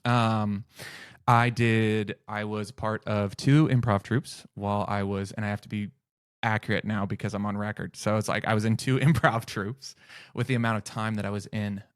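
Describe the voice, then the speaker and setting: A man chatting as a podcast guest, an animated storyteller who laughs often. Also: lowish voice, moderate pace, clear, resonant tone, no echo, clean studio sound. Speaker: podcast guest, improv comedian. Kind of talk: casual podcast chat.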